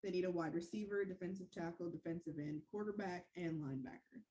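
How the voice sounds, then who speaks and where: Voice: medium pitch, quick pace, dark tone. A podcast host running through team needs in a playful way, with joking asides between lists. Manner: playful, list-reading with asides. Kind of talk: casual sports podcast.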